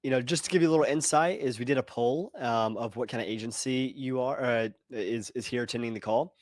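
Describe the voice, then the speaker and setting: A man's voice: mid-range voice, fairly quick, no room sound. A man co-hosting an online call, chatty and hesitant with many filler sounds. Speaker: webinar co-host. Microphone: video call.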